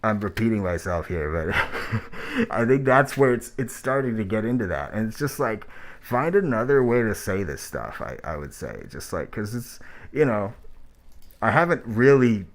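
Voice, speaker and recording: A man's voice: lowish voice, sing-song, normal speed. A man hosting track reviews in casual spoken critique, talking in a blunt, rambling, profane way, his voice muffled by a mask. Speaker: host reviewing rap tracks.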